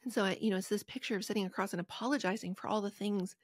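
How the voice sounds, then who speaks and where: A woman's voice: mid-range voice, fairly even intonation, very fast, breathy edge, no echo, studio quality. A middle-aged woman from rural West Virginia, a guest author on a podcast interview, telling her story in an earnest, heartfelt way with emotional sighs.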